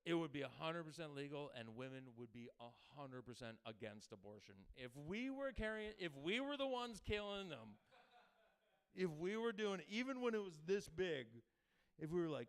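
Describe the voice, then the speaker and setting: A man performing a crude stand-up comedy set, talking loosely and breaking into loud mock voices. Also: a little high, big pitch swings, normal speed, clear, resonant tone. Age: adult with a daughter.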